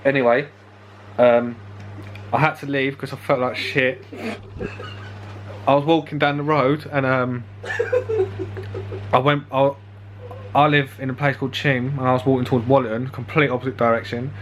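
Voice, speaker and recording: A man's voice: medium pitch, level tone, moderate pace, long pauses, slight background noise. A young man telling a rambling story casually, laughing often and swearing freely. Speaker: vlogger.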